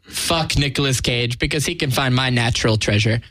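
A man trading jokes on a comedy podcast, delivering deadpan, drawn-out punchlines. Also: medium pitch. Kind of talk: casual banter.

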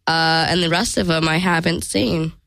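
A woman's voice: lowish voice, steady tone, normal speed, gravelly, a bit bright, dry recording. A woman co-hosting a casual chat show, rambling and chatty, filling her talk with "like". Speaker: podcast co-host.

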